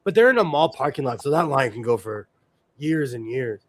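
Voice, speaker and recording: A male host in casual chat, talking in an animated way and laughing often. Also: mid-range voice, fairly quick, slight background noise.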